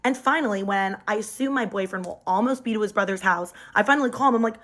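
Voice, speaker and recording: Young woman, casual storyteller, phone mic, lively delivery with pitch jumps. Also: fast, hardly any pauses.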